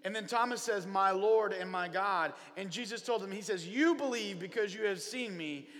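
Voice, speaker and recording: A man from Oklahoma preaching a lively, humorous sermon to young people at a camp, telling stories with playful asides. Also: sits high, normal speed, in a large hall. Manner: animated storyteller, playful humor.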